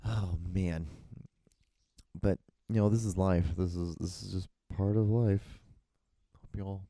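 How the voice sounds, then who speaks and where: Man, casual solo podcast host, low gravelly voice, rambling and swearing. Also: steady tone, slow, dark tone, dry recording. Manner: rambling, swears a lot, acts out quotes.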